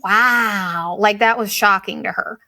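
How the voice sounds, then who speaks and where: A woman in her thirties hosting a podcast, telling a story in a blunt, profane, fast-moving monologue. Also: fairly high pitch, a bit bright. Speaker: podcast host. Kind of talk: casual venting monologue.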